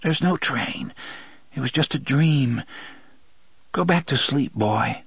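Guy reading as a jumpy young kid, voice pushed up high, kinda husky, nervous and earnest. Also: lively intonation, moderate pace, no echo. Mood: soothing whisper. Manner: raised boyish pitch, hushed when whispering. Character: frightened young boy, earnest and defensive.

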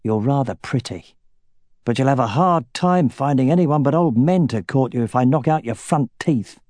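A man's voice: medium pitch, animated, normal speed, darkish tone, no echo, studio quality, lightly acted. A man playing a savage, menacing warrior. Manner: threatening, mocking.

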